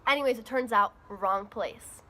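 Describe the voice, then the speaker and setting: A woman's voice: fairly high pitch, normal speed, pushed and bright. A woman vlogger chatting casually as she retells a story, full of "like" asides.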